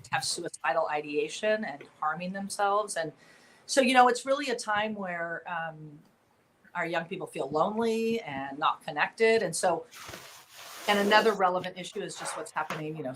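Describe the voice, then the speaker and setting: A middle-aged woman from Southern California, a nonprofit founder, appears as an interview guest, speaking earnestly and with animation. Her voice sits low but has a fairly bright tone. The recording is rough, with slight background noise.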